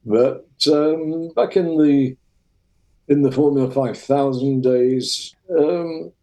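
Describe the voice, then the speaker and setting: A man's voice: medium pitch, takes it slowly, low-quality recording. An older man with a Lancashire English accent, a retired racing driver telling vivid anecdotes as an interview guest. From Lancashire, England. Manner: lively, vivid storyteller.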